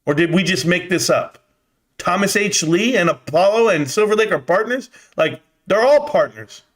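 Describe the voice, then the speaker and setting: A young man rants through a live stock stream, his voice sitting a bit higher than most men's. He swears, vents in disbelief and jumps way up in pitch when he gets worked up, then drops back to mutter at the chat. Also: expressive, normal speed, fairly bright tone. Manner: exasperated ranting, swearing, voice jumping up in disbelief. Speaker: livestream host.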